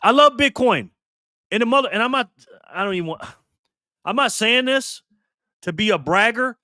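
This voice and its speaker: Host in his fifties, high-pitched and forceful, ranting to camera with a profane edge, dry close sound. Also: lively intonation, fairly quick, long pauses, no room sound. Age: 50s. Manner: heated, profane and emphatic, ranting. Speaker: channel host. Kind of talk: impassioned monologue to camera.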